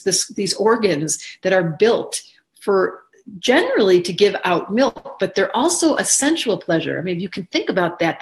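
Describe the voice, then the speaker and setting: A woman in her sixties, an astrologer and teacher, giving a casual talk to viewers in an expressive, rambling way, acting out the voices she quotes. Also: medium pitch. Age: 60s.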